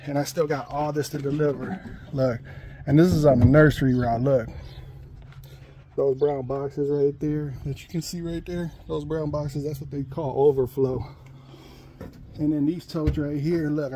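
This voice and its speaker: A man's voice: on the high side, noisy background. A man, a delivery driver, venting to his phone camera about his job, out of breath, frustrated and swearing as he talks. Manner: frustrated, ranting, swearing, repeats himself. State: out of breath and sweaty. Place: in a delivery van.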